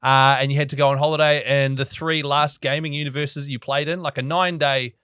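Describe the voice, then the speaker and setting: A man with a New Zealand accent, co-hosting a casual gaming podcast with quick, teasing jokes. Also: a little high, fairly even intonation, a bit bright, smooth, dry recording, studio quality. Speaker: podcast co-host. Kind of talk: casual chat.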